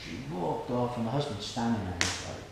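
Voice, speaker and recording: A man gives a spiritual talk in a loose, storytelling way, acting out the people in his stories. His pitch rises and falls a lot. The recording is very echoey and has a steady noise behind him. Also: a little fast, gravelly. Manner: storytelling, acts out quoted people, laughs along with audience. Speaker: lecturer at a temple. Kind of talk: informal spiritual lecture with anecdotes. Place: hall with an audience. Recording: very echoey room, noisy background.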